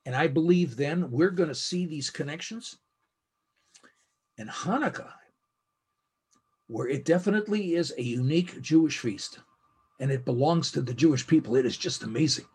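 A middle-aged man teaching a Bible lesson, speaking earnestly and slowing to stress key phrases. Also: fairly high pitch, darkish tone, breathy edge. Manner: earnest, with slow emphatic phrasing. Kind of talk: scripted teaching.

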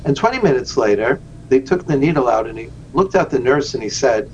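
A man, a rabbi and guest on a podcast interview, telling the story of his charity in an earnest way and slowing down for emphasis. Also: medium pitch, animated, a little mellow. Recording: dull lo-fi remote audio with faint noise.

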